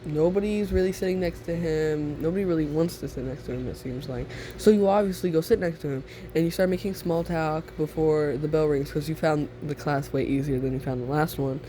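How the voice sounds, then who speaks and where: A man's voice: fairly high pitch, fairly quick, hardly any pauses, warm tone, slight background noise. Rambling, giggly young man telling a story. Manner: rambling, giggly, many fillers. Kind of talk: second-person listener story, casual.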